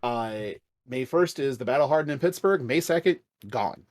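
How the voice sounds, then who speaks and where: A man's voice: mid-range voice, expressive, normal speed, darkish tone, no room sound, clean studio sound. A man co-hosting a casual podcast, ranting in a blunt, exasperated way with frequent swearing. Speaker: podcast co-host. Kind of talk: casual chat.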